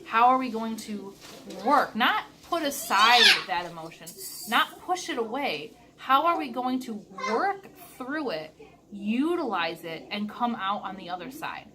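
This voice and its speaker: A woman talking earnestly to her camera in a reflective vlog, stressing words by slowing down. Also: on the high side, sing-song, background noise. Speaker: vlogger.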